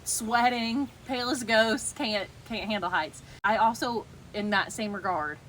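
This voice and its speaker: A woman co-hosting a casual chat, telling lively stories and laughing often. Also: a little high, measured pace, slight background noise. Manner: animated storyteller, laughs often. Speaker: co-host.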